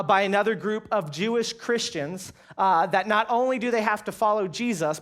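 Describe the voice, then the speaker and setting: A pastor delivering a sermon in a conversational, storytelling way, talking straight to his listeners. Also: sits high. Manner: conversational, many fillers and restarts, addresses audience.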